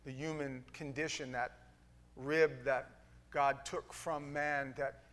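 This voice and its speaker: A man preaching a sermon, telling a story with dramatic swings from hushed lines to loud bursts. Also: medium pitch, level tone, takes it slowly.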